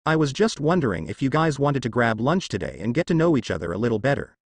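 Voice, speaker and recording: A man's voice: medium pitch, sing-song, fast, no room sound. A man reading the part of an arrogant, bullying teenage ninja boy who sneers and makes demands. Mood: arrogant, sneering.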